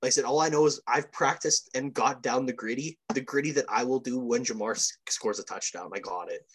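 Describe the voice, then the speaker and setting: A man's voice: medium pitch, a little fast, breathy edge, rough recording. A young man co-hosting a sports podcast, chatting casually and telling stories with eager enthusiasm. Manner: enthusiastic, animated storyteller. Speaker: podcast co-host. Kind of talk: casual chat.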